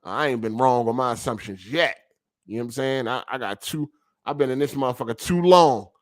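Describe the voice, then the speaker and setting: This gaming podcast host is a man with a medium-pitched, brisk voice. He lets off steam in a casual rant packed with cursing and slang, heard through a streaming rig on a weak connection.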